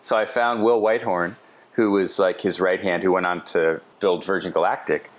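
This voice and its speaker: A middle-aged man spinning a long anecdote on a podcast, his voice sitting fairly low. He talks casually and with animation, slipping in chatty asides as he goes. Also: fairly even intonation, moderate pace. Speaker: podcast guest. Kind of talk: casual storytelling.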